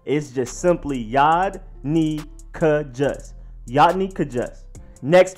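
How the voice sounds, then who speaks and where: Slightly high-voiced man sounding out names. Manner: slowly sounds out each name, then repeats it. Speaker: sports vlog host. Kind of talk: pronunciation guide, casual explainer.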